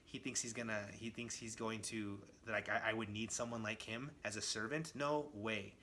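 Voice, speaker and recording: A resentful cosmic being trapped in a comic-book prison grumbles and mutters, as a man retelling the story puts him on. The voice is plain and mid-pitched, with a bright, tense edge. It drops into low asides. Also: a little fast, slight background noise.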